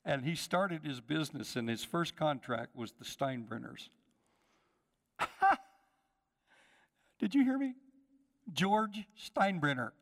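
A man in a church sanctuary preaches with a dramatic, rousing delivery, acting out the voices in the story and calling out to his listeners. His voice sits a little high for a man, and a long hall reverb trails after every phrase. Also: a bit bright. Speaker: pastor. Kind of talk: sermon.

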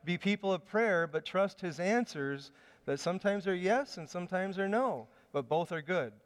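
A man's voice: high voice, animated, normal speed. A man giving a sermon, telling the story in a conversational way with small hesitations. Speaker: preacher. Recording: long hall reverb.

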